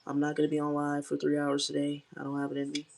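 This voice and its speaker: A woman's voice: deep voice, monotone, fast, creaky, a little mellow. A young woman hosting a live stream, chatting candidly with viewers in a rambling way with lots of fillers. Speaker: livestream host. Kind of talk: casual live chat with viewers.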